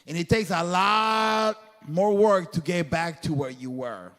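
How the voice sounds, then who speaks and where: A man's voice: high-pitched, unhurried, fairly bright tone, soft background music. Earnest preacher-like man in echoing hall. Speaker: guest speaker. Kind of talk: motivational faith talk. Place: event hall before a crowd. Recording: long hall reverb.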